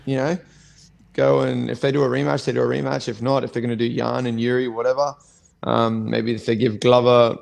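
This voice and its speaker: A man's voice: medium pitch, little pitch movement, a little fast, vocal fry, darkish tone. A man, co-hosting a podcast as a fighter, talking bluntly and swearing in a rambling casual chat. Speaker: co-host, fighter.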